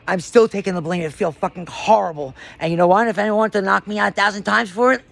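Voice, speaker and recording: A man's voice: sits high, steady tone, quick pace, creaky, fairly bright tone. A man in a raw personal monologue, rambling, emotionally distressed and swearing often. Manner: profane.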